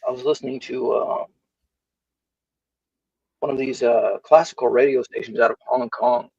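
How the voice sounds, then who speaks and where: A man's voice: mid-range voice, steady tone, normal speed, vocal fry, warm tone, slightly rough, dry recording, highs cut off. A man co-hosting a livestream, talking in a rambling way with many fillers. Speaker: podcast co-host. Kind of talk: casual livestream chat.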